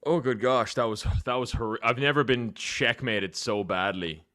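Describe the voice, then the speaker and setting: A man's voice: medium pitch, moderate pace, sharp tone, no echo, studio quality. A young man live-streaming chess, ranting profanely at his chat and telling a story in between.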